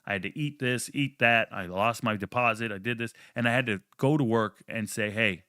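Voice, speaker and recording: A man telling a personal story in a casual, animated way, swearing freely and acting out what people said. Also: normal speed, clear, resonant tone, dry recording, clean studio sound. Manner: animated, profane, acts out quotes with jumps in pitch.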